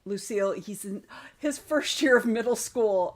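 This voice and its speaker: A woman's voice: mid-range voice, measured pace. A woman hosting a writing livestream, reading viewer comments aloud and chatting casually in a rambling way. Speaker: writing stream host.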